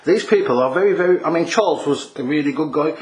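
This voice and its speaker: A man's voice: a little high, fast talker. A man making an irate, repetitive phone complaint as a customer, calling the agent mate.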